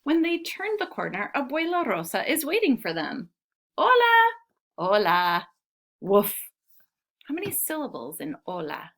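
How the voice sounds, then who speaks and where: A young woman teaching children, reading a storybook aloud and sounding out words with expressive delivery. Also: high-pitched, brisk, few pauses.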